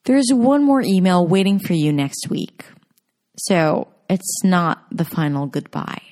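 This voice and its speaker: A woman narrating a scripted pronunciation lesson, speaking clearly and deliberately as she models example sentences. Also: fairly low pitch, mellow. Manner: slow, clear, deliberate demonstrations. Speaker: pronunciation teacher.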